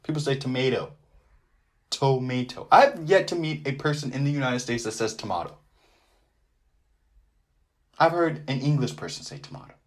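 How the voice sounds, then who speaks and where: A man's voice: medium pitch, lively intonation, normal speed, long pauses. A man hosting a casual sports podcast, joking around, repeating his phrases and sliding into a sing-song delivery. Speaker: podcast host.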